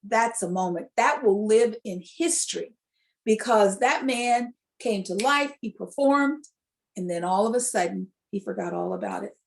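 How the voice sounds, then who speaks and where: A woman's voice: mid-range voice, moderate pace. A woman co-hosting a casual chat show, telling a story with feeling and acting out the quotes. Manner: animated storyteller, acts out quotes. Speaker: co-host.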